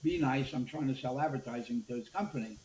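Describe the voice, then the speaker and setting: A man's voice: medium pitch, fast. An older man, a media executive telling anecdotes in an interview and acting out the dialogue. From Brooklyn, USA. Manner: animated storyteller acting out dialogue. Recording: roomy echo with faint background noise.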